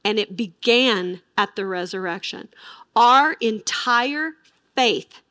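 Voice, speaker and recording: A woman's voice: fairly high pitch, animated, slow, pushed and bright, no room sound. A middle-aged woman teaching the Bible with emphasis, asking her listeners rhetorical questions.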